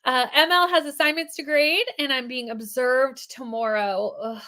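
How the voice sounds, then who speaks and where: A woman's voice: high voice, steady tone, pushed and bright. A woman, hosting a reading livestream in casual chat and reading out comments. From Canada. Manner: chatty, upbeat, quick asides. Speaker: livestream host.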